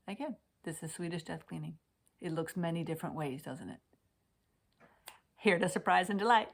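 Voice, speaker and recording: A woman's voice: on the low side, normal speed, vocal fry, long pauses. A woman coaching decluttering, speaking straight to camera on a computer, dropping to near-whispers and rising to emphatic declarations. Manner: intimate, swings from soft whispers to emphatic declarations. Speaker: Swedish death cleaning coach. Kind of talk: heartfelt direct-to-camera talk. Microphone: webcam on a computer.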